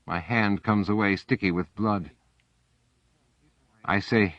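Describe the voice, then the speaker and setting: A man narrating an audiobook in the first person with measured, even storytelling. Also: low-pitched, no room sound. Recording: dull, dry audiobook recording.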